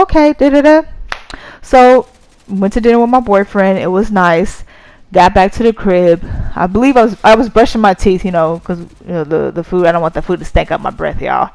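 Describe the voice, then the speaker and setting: A young adult woman, telling a story to her viewers in a casual, profane, animated way. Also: medium pitch, dry recording, rough recording. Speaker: vlogger.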